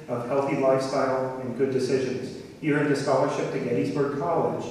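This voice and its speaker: A man, a teacher, giving a halting formal introduction of a guest at a school assembly. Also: medium pitch, a little mellow, slight background noise. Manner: halting, many fillers. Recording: echoey hall from far off.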